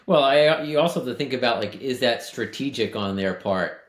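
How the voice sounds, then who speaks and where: A man co-hosting a podcast over a video call, talking deals through in a steady way with many restarts. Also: medium pitch, fairly quick. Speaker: podcast co-host. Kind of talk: casual business chat. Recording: roomy echo.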